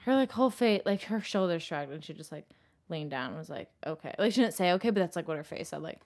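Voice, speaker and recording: A young woman telling her own story in casual chat, filling nearly every phrase with "like" and swinging between loud and hushed. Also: lowish voice, lively intonation, fast.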